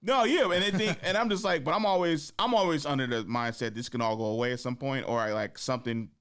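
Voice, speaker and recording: A man hosting a podcast, telling comedy-club stories in a casual, animated way, acting out the people he quotes and laughing often. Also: mid-range voice, quick pace. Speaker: podcast host and stand-up comedian. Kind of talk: casual storytelling chat.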